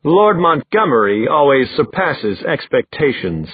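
A man's voice: medium pitch, big pitch swings, unhurried, breathy edge, no room sound, pitched above the performer's own voice. A man voicing an awkward, good-humored young man in an audiobook. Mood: mock-gravelly. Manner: awkward, joking. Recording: dry, phone-like thin sound.

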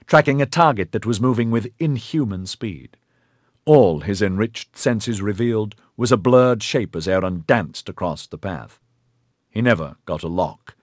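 A man reading a novel aloud as an audiobook narrator in a steady, measured way. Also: on the low side, no echo, studio quality. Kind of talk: scripted narration of a sci-fi novel.

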